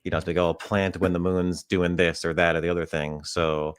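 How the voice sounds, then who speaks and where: A man's voice: low voice, flat delivery, normal speed, clear, resonant tone, dry recording. A man co-hosting a casual podcast, easygoing, explaining things with dry asides. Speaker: podcast co-host. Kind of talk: casual chat.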